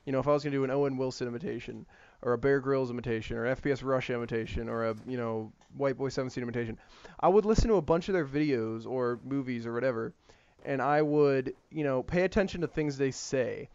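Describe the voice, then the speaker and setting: A man's voice: medium pitch, fast talker, darkish tone, smooth, dry recording. A man giving rambling, filler-heavy casual commentary over gameplay as a gaming YouTuber. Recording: slightly muffled lo-fi mic.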